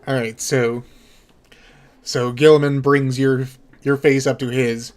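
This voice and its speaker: A man's voice: medium pitch, flat delivery, slow. Man running a tabletop game. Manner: restarts phrases, voices NPCs in narration. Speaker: game master.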